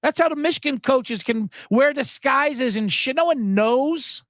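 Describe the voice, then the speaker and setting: A man's voice: very high voice, unhurried, fairly bright tone, no echo. A man hosting a sports podcast, ranting with profanity, chuckling asides and plenty of energy. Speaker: podcast host. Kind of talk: profane sports commentary rant.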